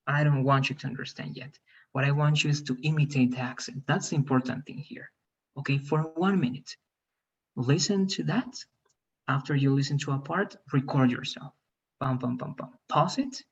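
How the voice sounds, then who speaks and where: Man, teacher, slightly high voice, husky, dull lo-fi call audio. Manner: repetitive, checks in with "all right?". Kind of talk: online class instructions.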